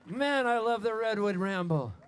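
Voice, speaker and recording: Giddy high-voiced man joking on stage. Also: lively intonation, moderate pace, soft background music. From Canada. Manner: giddy, laughs at his own jokes, rambling. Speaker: singer-songwriter performing live. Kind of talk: on-stage banter and storytelling. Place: outdoor festival stage. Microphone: stage vocal mic on the soundboard. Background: a band softly playing.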